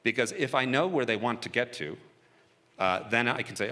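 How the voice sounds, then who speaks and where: A man's voice: mid-range voice, animated, moderate pace, bright, forceful tone. A man being interviewed onstage about his work negotiating for hostages, talking casually and frankly, chuckling often and restarting his sentences.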